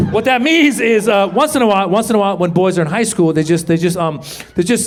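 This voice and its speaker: A man doing stand-up comedy, telling a silly family story in an animated way. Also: high voice, fast talker, few pauses. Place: comedy club stage. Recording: noisy club with crowd.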